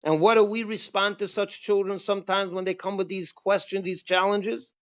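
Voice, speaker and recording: A man with a high voice gives a religious class as a rabbi. He teaches emphatically and keeps asking his listeners rhetorical questions. The recording sounds dull and lo-fi. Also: steady tone, moderate pace. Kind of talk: Passover class.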